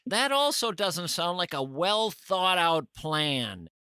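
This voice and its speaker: A man's voice: sits high, sing-song, slow, bright, forceful tone, clean tone, dry recording, clean studio sound. A man hosting a podcast interview, teasing his guest with wry, mock-outraged asides in casual chat. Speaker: podcast host.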